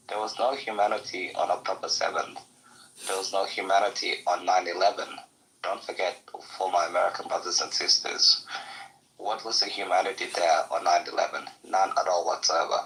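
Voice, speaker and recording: A man's voice: low voice, level tone, fairly quick, a bit bright, rough recording. A man arguing bluntly and insistently as a debate panelist, swearing freely. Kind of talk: heated debate.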